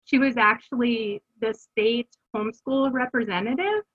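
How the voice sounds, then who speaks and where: A woman's voice: on the high side, normal speed. Earnest middle-aged woman, dull recording. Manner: earnest, conversational with frequent fillers and restarts. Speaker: guest, homeschooling mother. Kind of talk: candid personal storytelling.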